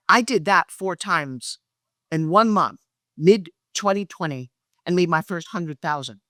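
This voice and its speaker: A middle-aged woman, a guest in an interview, telling her story with animated energy and acting out quoted dialogue. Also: normal speed, no room sound, clean studio sound. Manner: acts out quoted dialogue with lively pitch jumps. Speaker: guest, pitch expert and speaker.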